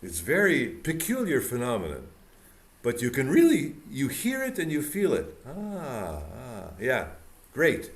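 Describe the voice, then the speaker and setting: A man's voice: medium pitch, wildly swooping pitch, moderate pace. A man teaching a piano masterclass, coaching a student with encouragement and repeating words for emphasis. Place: music room with piano and mirror. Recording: piano playing behind the voice.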